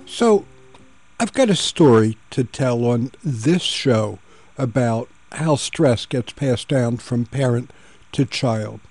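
An older man hosting a radio talk show, telling a personal story in a gentle, reflective way and introducing his guests. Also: mid-range voice, animated, takes it slowly, no echo, faint music behind.

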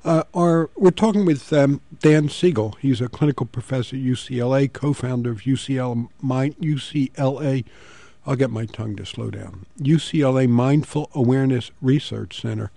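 Gravelly-voiced man hosting a radio show. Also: medium pitch, moderate pace, warm tone, dry recording. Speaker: radio talk show host. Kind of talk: public radio call-in interview. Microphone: studio microphone.

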